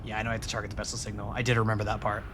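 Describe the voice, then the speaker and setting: A man's voice: lowish voice, level tone, racing, noisy background. A man giving live, rambling commentary as he plays a video game, joking back at his chat. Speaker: streamer. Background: game music.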